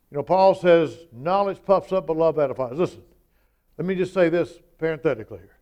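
Emphatic man preaching, smooth voice. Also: on the high side, brisk, darkish tone. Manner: emphatic, conversational preaching with acted-out quotes. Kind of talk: sermon.

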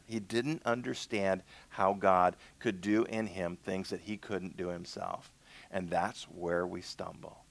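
A man's voice: deep voice, unhurried, vocal fry, no room sound. A male minister preaching a conversational sermon, acting out little dialogues with God.

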